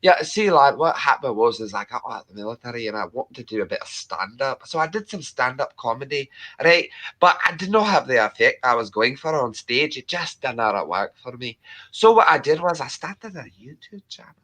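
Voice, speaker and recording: A brash, cocky Scottish bloke, as a man puts him on. He talks in a boisterous, teasing way. His voice is bright and swings around a lot. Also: mid-range voice, expressive, brisk.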